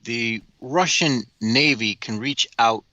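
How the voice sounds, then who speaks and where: A man's voice: mid-range voice, slow pace, pushed and bright, no echo, muffled recording. A man co-hosting a casual livestream chat, hesitant and repeating words, sometimes reading news aloud. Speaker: co-host.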